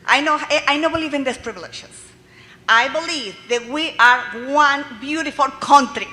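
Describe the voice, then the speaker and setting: A woman's voice: high-pitched, normal speed, bright, forceful tone. A woman from Colombia with a Colombian Spanish accent, a native Spanish speaker giving fervent public testimony in broken English. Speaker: public commenter. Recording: echoey hearing room with faint hiss.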